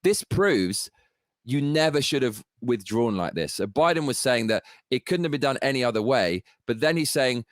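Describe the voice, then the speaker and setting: A man in the middle of a furious political rant, swearing freely and dripping with sarcasm. His voice sits at an ordinary middle pitch. The sound is close and dry, with no room echo. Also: lively intonation, normal speed. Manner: profane, heated, sarcastic ranting. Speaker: political commentator.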